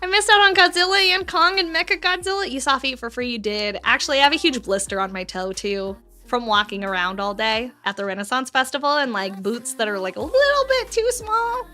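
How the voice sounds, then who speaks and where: A woman streamer chats casually with her viewers from home. Her voice is high and bright, and she giggles and swears freely. Faint music plays behind her. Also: expressive, a little fast. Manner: chatty, giggly and casually profane. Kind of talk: casual chat with live chat.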